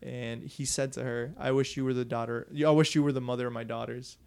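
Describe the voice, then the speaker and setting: A man's voice: medium pitch, little pitch movement, fairly quick, gravelly, darkish tone, smooth. A young man telling a story on a podcast in a loose, profane way, laughing often. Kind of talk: casual storytelling chat.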